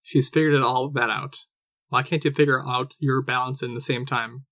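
Weary, calm man, read by a narrator. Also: medium pitch, normal speed, dry recording, clean studio sound, close to an everyday voice. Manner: calm, level, tired.

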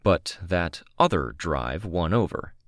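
A man narrating a novel in the first person, calm and measured, close to the microphone. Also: deep voice, no room sound. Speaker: audiobook narrator.

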